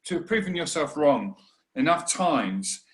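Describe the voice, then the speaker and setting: In an interview, a middle-aged man speaks earnestly in a somewhat high, very animated voice, often halting and restarting his sentences and imitating other voices. It's a reflective conversation, recorded with a roomy echo.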